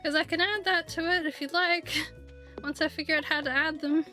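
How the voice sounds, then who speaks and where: Woman streamer, high bright voice, rambling playful chat, faint music behind. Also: steady tone, normal speed. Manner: rambling and chatty, with many fillers and playful asides. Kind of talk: casual chat while streaming a game.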